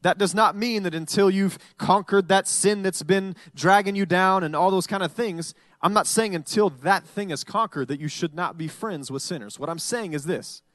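A male pastor delivers a casual, conversational sermon in a noticeably high voice. He slips into the imagined voices of his listeners to make his points. The sound is dry and close. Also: normal speed, hardly any pauses, fairly bright tone, no echo. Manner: conversational preaching, acting out congregants' voices.

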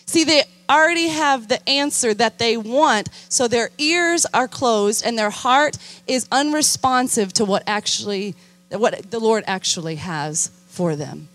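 Animated young woman preaching a sermon. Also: a little high, unhurried, no echo. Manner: animated, emphatic, calls for "Amen?" responses. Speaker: youth minister and preacher.

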